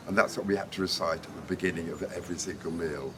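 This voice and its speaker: A man's voice: low-pitched, steady tone, quick pace, few pauses. An older Englishman, a musician, telling rambling, chatty anecdotes in a documentary interview. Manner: chatty, rambling storyteller who laughs easily. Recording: noisy ambient documentary recording.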